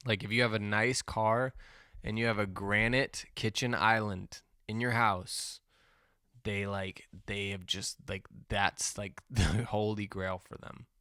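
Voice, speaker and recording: A man hosting a podcast, delivering a rambling, profane comedic rant in a deadpan way. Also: fairly low pitch, a little slow, clear, resonant tone, no room sound, clean studio sound. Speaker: podcast host.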